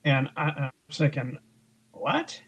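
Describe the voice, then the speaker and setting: The recording is low-quality with a little hiss or hum, capturing a man's medium-pitched, slightly bright voice at a measured pace. He's an author being interviewed who narrates events at length, conversational and prone to fillers and restarts, performing others' words in raised voices.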